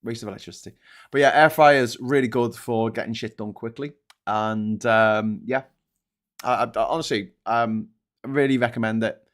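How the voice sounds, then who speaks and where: A man's voice: mid-range voice, moderate pace. Sweary rambling man. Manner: sweary, rambling, easily sidetracked; excitable when thanking viewers. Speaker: livestream host. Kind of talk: casual rambling live chat.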